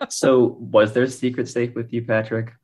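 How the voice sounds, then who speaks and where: A man's voice: mid-range voice, little pitch movement, moderate pace, a little mellow. A man co-hosting a podcast who chimes in with teasing follow-up questions in casual chat. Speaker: podcast co-host.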